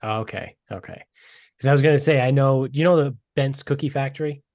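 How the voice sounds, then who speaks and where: A man's voice: medium pitch, brisk, a little mellow, no room sound. A young man co-hosting a casual podcast, rambling with lots of fillers and some swearing. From Massachusetts. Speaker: podcast co-host. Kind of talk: casual chat.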